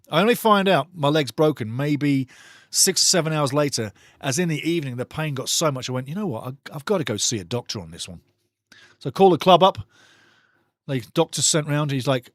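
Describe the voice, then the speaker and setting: Man, middle-aged, live football watch-along commentary, energetic, chatty, slightly high voice, dry close mic. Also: brisk, dry recording. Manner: energetic, chatty, jumps between play-by-play and stories.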